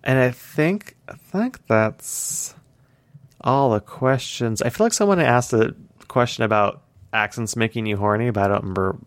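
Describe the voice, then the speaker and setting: A man's voice: mid-range voice, moderate pace, dry recording. A man co-hosting a podcast in casual chat, ranting heatedly with lots of swearing and "like" fillers. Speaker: podcast co-host.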